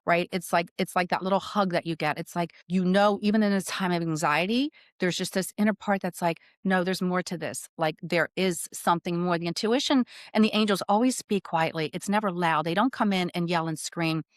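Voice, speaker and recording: A woman's voice: on the low side, brisk, few pauses, no echo. Earnest woman telling her story, dry sound. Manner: earnest storytelling, often asks "right?". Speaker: podcast co-host and spiritual medium. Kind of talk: casual spiritual chat.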